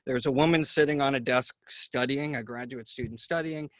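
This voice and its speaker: A man's voice: mid-range voice, normal speed, fairly bright tone, no room sound. A man hosting a conversation, telling a long story with many fillers and restarts. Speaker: neurologist host. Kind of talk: casual video-call conversation.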